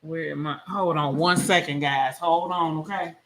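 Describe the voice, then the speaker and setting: A man's voice: on the high side, steady tone, normal speed, fairly bright tone. A man hosting a casual live stream, talking bluntly and with plenty of profanity, preaching to his viewers. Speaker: livestream host. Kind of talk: casual live-stream talk reacting to a song.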